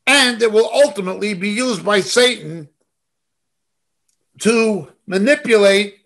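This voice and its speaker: A man's voice: sits high, unhurried, fairly bright tone. A middle-aged man teaching a Bible study over a video call. He reads scripture verses aloud and follows them with emphatic comments.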